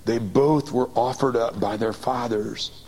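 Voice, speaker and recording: A man preaching a sermon, swinging from excited high bursts to quiet low reading, calling on the congregation to repeat after him. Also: a little slow, low-quality recording. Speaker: pastor.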